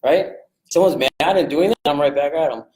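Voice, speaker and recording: A man coaching a group on sales rapport in a casual, energetic way, jumping into quick voices to act out phone calls. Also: fairly high pitch, reverberant, rough recording. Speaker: real estate investing coach.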